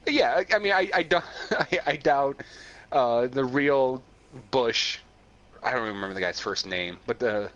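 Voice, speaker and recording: A man's voice: mid-range voice, animated, slow, a bit bright. A man co-hosting a pop-culture podcast, retelling a story in casual chat with lots of laughs, swearing and stammered restarts. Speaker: podcast co-host. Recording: dull lo-fi sound.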